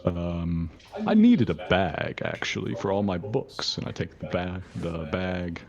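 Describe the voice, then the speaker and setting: A man's voice: deep voice, animated, unhurried, gravelly, highs cut off, crowd noise. A man playing his character in a tabletop game, with curious, bookish in-character remarks. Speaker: player.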